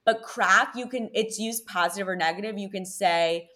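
A young woman from Connecticut hosting a podcast, telling dating stories in an animated, chatty way full of "like". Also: mid-range voice, moderate pace. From Connecticut, USA. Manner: chatty, animated storytelling with frequent "like". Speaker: podcast host. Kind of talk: casual chat.

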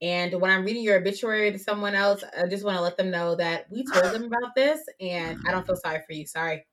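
A young adult woman co-hosting a casual podcast chat, blunt and animated as she tells stories. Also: mid-range voice, quick pace, noisy background. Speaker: podcast co-host.

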